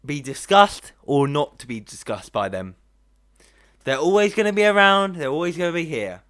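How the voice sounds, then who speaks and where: A man's voice: on the high side, sing-song, moderate pace, a bit bright. A young man casually ranting in a reaction video, swearing a lot and laughing often.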